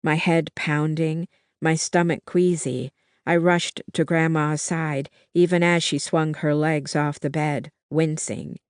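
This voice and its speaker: An audiobook narrator giving steady, measured first-person novel narration. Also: mid-range voice, clean tone, no echo, clean studio sound.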